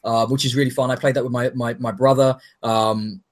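A man's voice: medium pitch, a little fast. A man in casual chat, reviewing a game with enthusiasm and frequent swearing. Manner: enthusiastic, swears freely, animated.

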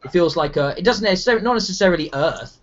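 A man hosting a casual gaming podcast, talking in an animated, rambling way with many restarts. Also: high-pitched, racing. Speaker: podcast host. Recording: dull lo-fi sound.

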